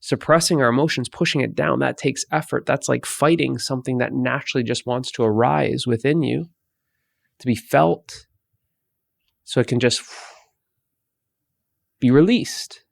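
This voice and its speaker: A man teaching about emotions in a slow, repetitive way, often restarting his sentences. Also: medium pitch, creaky, dry recording, clean studio sound. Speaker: meditation teacher. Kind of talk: spoken guidance talk.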